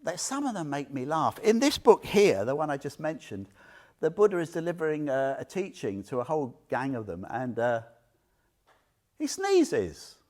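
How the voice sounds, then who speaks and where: A Buddhist teacher with a slightly high voice speaks at a normal pace to a small group. His talk is informal and animated, full of stories, questions for the listeners, and frequent laughter.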